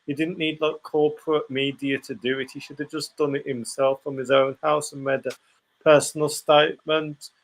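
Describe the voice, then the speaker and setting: Young male co-host; slightly high voice, opinionated, rambling. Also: flat delivery, normal speed. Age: young adult. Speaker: podcast co-host. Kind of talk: casual chat.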